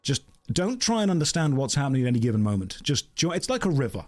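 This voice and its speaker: A man's voice: medium pitch, very animated, fast talker. A man streaming a video game, chatting playfully with viewers in casual commentary.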